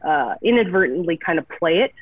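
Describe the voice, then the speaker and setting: An actress from Canada, a guest telling gushing, enthusiastic stories in a casual interview. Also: female voice, on the low side, lively intonation, a little fast, breathy edge, dry recording. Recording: tinny phone-like line, dry.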